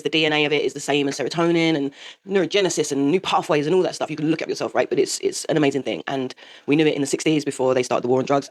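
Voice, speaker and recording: A woman in her forties, host of her own show, telling a raw, sweary confession and laughing through the pain. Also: a bass voice. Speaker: podcast host. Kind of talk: candid confessional monologue.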